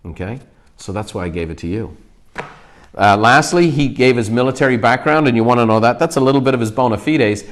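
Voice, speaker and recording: A man's voice: mid-range voice, a little fast. A man leading his company, giving an emphatic motivational talk on a livestream and punctuating his points with "okay?".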